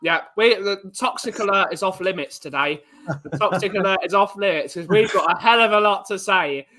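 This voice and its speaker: A man's voice: high-pitched, a little fast, bright, forceful tone. A man hosting a casual podcast, bantering and reading out names from the chat. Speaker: podcast host.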